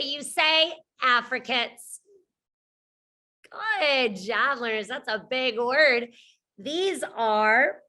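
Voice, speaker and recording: A woman teacher leading a children's phonics lesson, encouraging and modeling each sound slowly. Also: a little high, bright, forceful tone.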